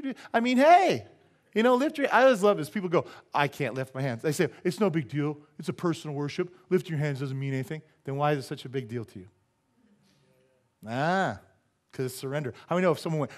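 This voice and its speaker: A man preaching a sermon in church, animated and joking, often asking the congregation for an amen and tossing in silly voices and sound effects. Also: a little high, fast. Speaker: pastor. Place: church sanctuary.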